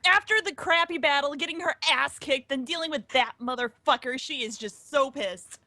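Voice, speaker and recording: A woman playing a tabletop role-playing game, animated and quick to laugh and swear. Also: high voice. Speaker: player. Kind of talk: tabletop role-play chat.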